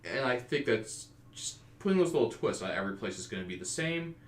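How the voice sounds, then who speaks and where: A man hosting a podcast and recounting tabletop campaigns he ran as game master in animated storytelling. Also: medium pitch, fairly quick. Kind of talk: casual podcast discussion. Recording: roomy echo.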